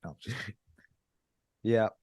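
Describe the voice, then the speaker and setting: A man co-hosting a podcast, telling stories in candid casual chat and acting out cheerful greetings in a higher voice. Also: normal speed, no room sound, studio quality. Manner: animated storyteller, mimics cheerful greetings in a higher voice. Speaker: podcast co-host.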